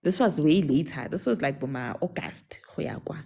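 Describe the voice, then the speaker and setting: Young South African woman, caller on a live stream, lively storyteller, lowish mellow voice. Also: normal speed, creaky, breathy edge. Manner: animated, switching between English and a local language mid-sentence.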